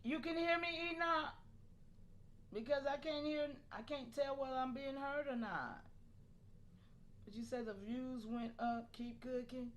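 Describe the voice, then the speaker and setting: Woman, live-stream host, high voice, animated, keeps calling out to her chat. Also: unhurried. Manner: animated, calls out to viewers, laughs often.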